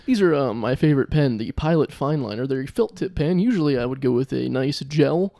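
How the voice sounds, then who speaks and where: Young man, podcast host, casual comedic chat, rambling jokes, gravelly, dry booth sound. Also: medium pitch, lively intonation, a little fast, dark tone, dry recording. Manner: joking, rambling, laughs at own jokes.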